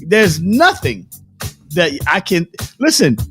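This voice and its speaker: A man hosting a casual live stream, telling loud, profane stories with lots of laughter and sing-song bits. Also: high-pitched, sing-song, slow, gravelly, faint music behind. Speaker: host.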